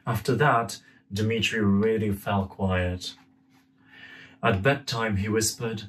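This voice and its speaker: A young man in a gentle, friendly manner, reading a children's story aloud at home. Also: on the low side, fairly even intonation, slow pace, pauses often. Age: young adult. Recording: voice a bit far from mic.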